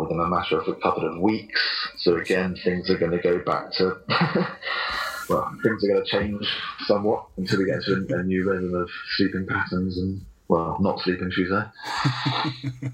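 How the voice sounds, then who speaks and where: A man's voice: low-pitched, fairly bright tone. A man in his thirties, a fitness athlete guest on a casual podcast, talking hesitantly with lots of ums and little chuckles. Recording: dull lo-fi recording.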